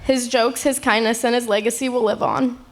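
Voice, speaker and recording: A woman's voice: a little high, fairly even intonation, moderate pace. An eighteen-year-old woman reading a tender, heartfelt eulogy at a memorial gathering. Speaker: eulogy speaker, eldest daughter.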